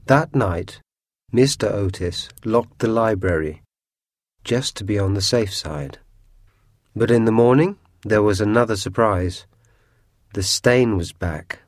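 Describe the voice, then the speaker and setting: A man narrating a storybook chapter with steady, clear storytelling. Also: on the low side, measured pace, long pauses, no echo, studio quality. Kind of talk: storybook reading.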